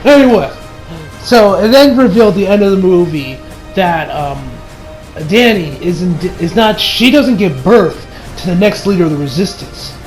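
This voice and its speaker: A man casually reviewing a film on his channel, excitable and rambling, swearing freely and laughing often. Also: high voice, moderate pace, faint music behind, poor audio. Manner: rambling with many restarts and fillers. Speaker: movie reviewer.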